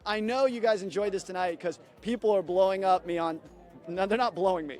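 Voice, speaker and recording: A man's voice: high-pitched, fairly even intonation, brisk, darkish tone. A man hosting a live interview in a backyard, joking, rambling and teasing himself. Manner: jokey, rambling, self-deprecating. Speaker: host interviewer. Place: outdoor backyard set.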